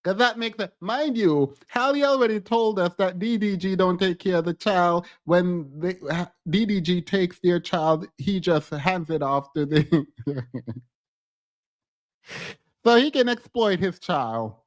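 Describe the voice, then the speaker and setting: A man co-hosting a casual live-stream commentary, animated and laughing as he mocks chat commenters. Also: high voice, measured pace, no echo.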